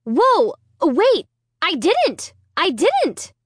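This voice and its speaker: A woman voicing a frantic young girl who has been wrongly accused, her voice high and wailing. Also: huge pitch swings, drawn-out words, no room sound, clean studio sound, full character voice.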